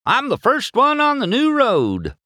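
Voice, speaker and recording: A man voicing an excitable, goofy male tow truck in a storybook read-aloud, whooping in a folksy way. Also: very high voice, unhurried, no echo, clean studio sound, pitched above the performer's own voice, full character voice. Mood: gleeful.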